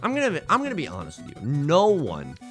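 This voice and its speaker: A young man live-streaming a tile game, bantering with chat in a rambling, jokey way and swinging between shouts and mutters. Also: fairly high pitch, huge pitch swings, a little fast, soft background music.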